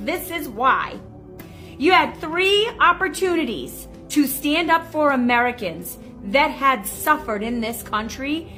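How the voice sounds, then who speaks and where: A woman's voice: sits high, a bit bright. A woman in her thirties delivering a heated, indignant political rant to camera, swearing as she goes. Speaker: political commentator.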